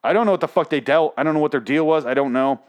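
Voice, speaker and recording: A man's voice: on the high side, racing. Rambling, foul-mouthed male podcast host. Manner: rambling, sarcastic, swears a lot, jumps into exaggerated outbursts. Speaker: podcast host reviewing a TV show. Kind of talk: casual profane solo recap. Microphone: close podcast mic.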